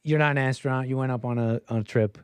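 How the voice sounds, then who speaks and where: A man's voice: medium pitch, steady tone, fast talker, clean tone, no room sound. A man hosting a call-in show, riffing in a mocking, rambling way and putting on silly voices to quote people. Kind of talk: casual on-air commentary.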